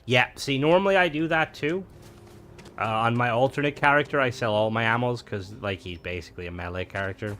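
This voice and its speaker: A man's voice: medium pitch, fairly quick, pushed and bright, slight background noise. A man streaming a video game, chatting casually with lots of fillers and restarts. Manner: rambling, filler-heavy, upbeat. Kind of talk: casual gameplay commentary.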